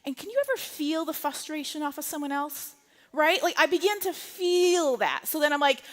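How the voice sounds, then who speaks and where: A woman preaching in a light, conversational style, often checking in with her listeners. Her voice sits high. The sound rings with long reverb, as in a large hall. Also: expressive, normal speed, a bit bright. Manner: chatty and humorous, tags lines with "okay?" and "right?". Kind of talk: conversational sermon. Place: church sanctuary, live service.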